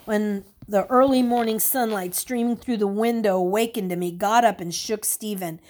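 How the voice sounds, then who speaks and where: A woman narrating a storybook in a calm, even way, lightly voicing the characters' dialogue. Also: medium pitch, normal speed. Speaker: audiobook narrator. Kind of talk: scripted narration.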